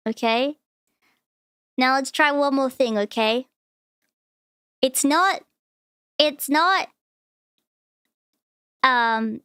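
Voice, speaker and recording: A young Australian woman streaming, reacting to videos with loud exclamations and laughter. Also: sits high, drawn-out words, long pauses, clean tone, no room sound, clean studio sound. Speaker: VTuber streamer. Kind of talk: live-stream reaction commentary.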